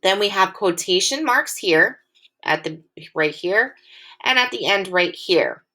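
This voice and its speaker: A woman teacher giving a recorded phonics lesson to young children. She is clear, patient and encouraging, and reads the sample sentences slowly and with lots of expression. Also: medium pitch, lively intonation, bright, forceful tone. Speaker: elementary school teacher.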